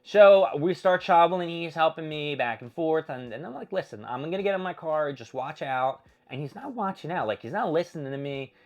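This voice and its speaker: A young adult man hosting his own show, telling a story in a casual, animated way, swearing and acting out his own panicked shouts. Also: a little high, brisk, hardly any pauses, highs cut off. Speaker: podcast host.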